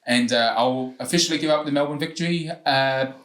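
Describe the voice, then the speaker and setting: Kiwi man hosting, halting and playful. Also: mid-range voice, a bit bright. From New Zealand. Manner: halting, many fillers and restarts, playful. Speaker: podcast co-host. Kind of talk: casual podcast banter. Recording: echoey room.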